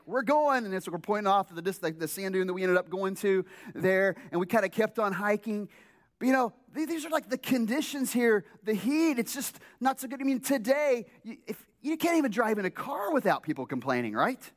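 A man with a notably high voice gives a sermon to his congregation. He talks the way people chat, leaning on "like" and "you know," and keeps asking his listeners questions. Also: fairly bright tone. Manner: conversational, filler-heavy, rhetorical questions to the audience. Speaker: pastor. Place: church service, also streamed online.

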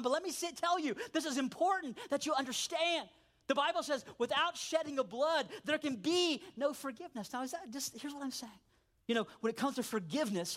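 In his sermon, a man who is a pastor tells stories with animation, dipping low for side remarks and rising whenever he lands an emphatic point.

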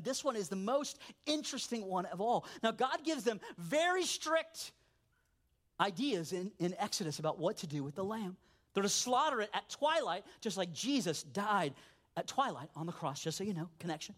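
High-voiced man preaching a lively sermon. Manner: animated storytelling, swings between low asides and raised emphatic lines. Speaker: pastor.

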